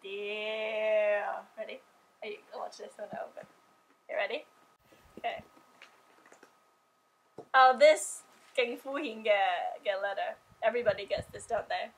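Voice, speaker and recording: A woman YouTuber filming a casual vlog at home, excitable and gushing, who swears freely as she talks. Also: medium pitch, a little slow, pauses often, poor audio. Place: at home indoors.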